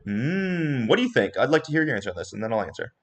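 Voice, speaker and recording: An animated male host chats on a casual livestream. He explains things with easy confidence and laughs often, with a mid-range, everyday voice. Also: medium pitch, quick pace, slight background noise. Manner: animated, chatty, laughs easily. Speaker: host and coach.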